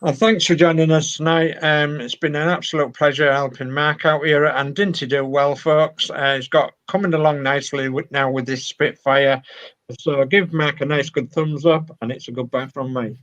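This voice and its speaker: A man's voice: on the high side, steady tone, moderate pace, a bit bright. A man co-hosting a casual live stream, affable and often chiming in with agreement. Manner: affable, frequent backchannel agreement. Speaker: co-host. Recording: dry, dull lo-fi sound.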